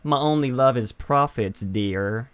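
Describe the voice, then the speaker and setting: A man voicing a brassy, mysterious female pirate in a clumsy drawl that sounds more like a slow country speaker than a pirate. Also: medium pitch, smooth, close to an everyday voice. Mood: sly. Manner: clumsy drawl he calls a Western, Forrest Gump voice.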